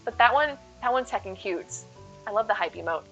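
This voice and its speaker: A woman's voice: medium pitch, lively intonation, a little fast, fairly bright tone. A woman live streaming a game, chatting casually and bubbly with her viewers and thanking them often. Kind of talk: casual chat while gaming. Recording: slightly dull sound with faint music.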